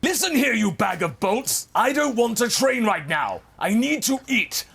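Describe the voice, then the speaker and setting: A man doing a shouting, hot-tempered warrior prince. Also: extremely high pitch, big pitch swings, a little slow, gravelly, breathy edge, voice pushed up, heavily acted. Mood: furious. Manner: shouting, angry and demanding.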